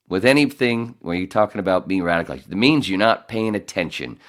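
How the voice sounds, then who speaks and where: A man's voice: low-pitched, animated, brisk, hardly any pauses. A middle-aged man hosting a podcast in casual chat, rambling and swearing, often laughing. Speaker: podcast host.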